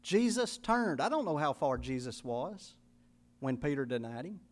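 A man preaching a sermon, swinging from loud emphatic peaks to low hushed asides and acting out quoted speech. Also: lively intonation, normal speed. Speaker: pastor.

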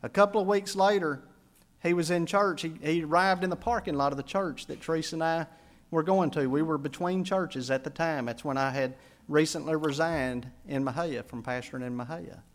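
A man, a pastor preaching a sermon, telling a story and building to emphatic peaks before dropping soft. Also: on the high side, normal speed.

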